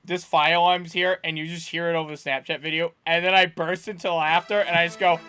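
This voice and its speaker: A man with a high, bright and sharp voice tells a story in casual podcast chat. He rambles and restarts, stays animated throughout, and faint music sits behind him. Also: fairly quick, smooth, no room sound. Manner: rambling, animated anecdote-telling with restarts and laughter. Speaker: podcast co-host.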